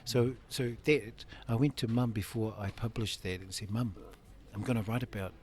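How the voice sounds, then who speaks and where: A man in his fifties speaks with a lowish voice, sharing candid personal stories as an interview guest. He laughs often and acts out other people's voices as he goes. A faint ambient hum sits behind him. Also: moderate pace. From Samoan family. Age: 50s.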